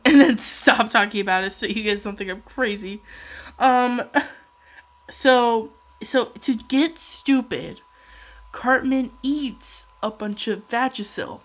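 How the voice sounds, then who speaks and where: A young woman chatting casually while she draws, rambling and self-deprecating. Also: medium pitch. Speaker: hobby artist vlogger. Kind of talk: casual chat while drawing.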